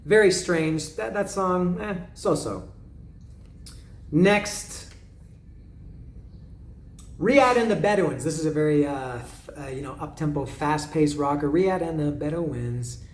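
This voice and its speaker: Man, solo album-review host; hesitant, musing delivery, hums melodies; slightly high voice, roomy echo. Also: slow pace, long pauses. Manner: musing, hesitant, humming melodies and reading lyrics aloud. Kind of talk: casual solo commentary.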